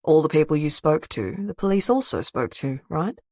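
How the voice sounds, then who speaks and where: In an audiobook, a woman voices a male crime boss who is calm and menacing, speaking coolly, with measured, quiet threat. Her voice is a little high, with no echo.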